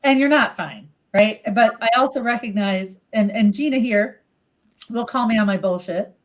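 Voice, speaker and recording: A middle-aged woman and healer in casual live chat, candid and animated, swearing casually and acting out her own inner voice. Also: on the high side, normal speed, low-quality recording. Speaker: co-host, healer.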